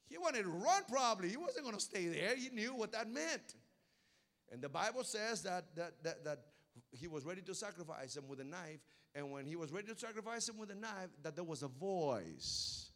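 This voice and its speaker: Man, pastor, high-pitched, preaching in a lively storytelling way. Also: normal speed. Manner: storytelling, building to loud emphatic preaching. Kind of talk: sermon.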